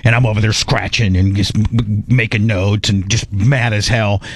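A man in casual conversation, telling a lively story and acting out what others said. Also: lowish voice, moderate pace, no echo, studio quality. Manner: animated, acts out quotes of others. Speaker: guest recounting a trial.

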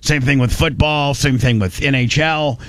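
A man's voice: medium pitch, steady tone, moderate pace, a bit bright. A man hosting a radio talk show, rambling and joking, often correcting himself mid-sentence. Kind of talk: casual talk radio with ad reads.

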